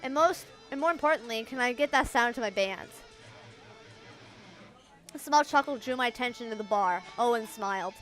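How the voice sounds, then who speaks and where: A young woman reading visual novel narration aloud as a game streamer, dramatic and breaking into excited asides. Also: on the high side, moderate pace, long pauses, soft background music.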